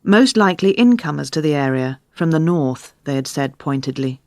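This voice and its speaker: Female narrator for a learners' crime story, lower voice, steady and clear delivery. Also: normal speed, no echo, studio quality. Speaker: audiobook narrator. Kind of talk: scripted narration.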